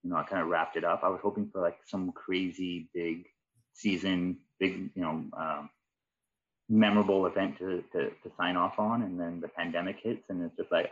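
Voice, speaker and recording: A man's voice: sits low, steady tone, moderate pace, muffled recording. A man talking in a casual podcast chat, rambling with many fillers and restarts. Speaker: departing guest.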